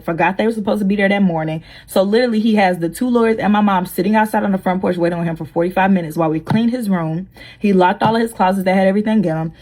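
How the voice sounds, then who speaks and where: A young woman tells a story in a relaxed, husky voice. She is blunt and animated, and she acts out what each person said. Her pitch sits in the middle. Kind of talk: casual storytelling.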